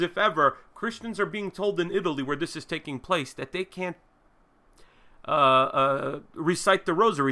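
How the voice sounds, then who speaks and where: A man with a slightly high, bright and forceful voice rants as host of his own commentary show. He sounds indignant and emphatic and swears freely. He stacks up phrase after phrase to hammer home each point. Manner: emphatic, indignant, profane, piles up repeated phrases. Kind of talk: ranting commentary monologue.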